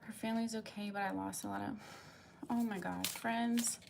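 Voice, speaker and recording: A woman's voice: mid-range voice, fairly even intonation, moderate pace, gravelly, noisy background. Chatty woman doing a live tarot reading. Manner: chatty and rambling, heavy use of "like" and "um"; reads viewers' comments aloud and answers them. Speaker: tarot reader on a live stream. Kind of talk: casual live pick-a-card reading, chatting with viewers.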